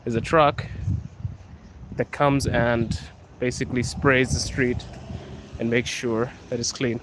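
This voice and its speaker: An African man talks slowly and easily into his phone while walking outside, chatting with his live viewers and often breaking into laughter. Street noise runs loud underneath his voice throughout the recording. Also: medium pitch, flat delivery. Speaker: vlogger. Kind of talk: live-streamed walking vlog. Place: outdoors on city streets. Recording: noisy outdoor street recording.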